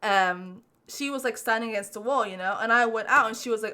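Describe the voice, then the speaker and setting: A young woman, a podcast host, casually telling a story with lots of swearing and animated retellings. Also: fairly high pitch, fairly quick, hardly any pauses, clear, resonant tone.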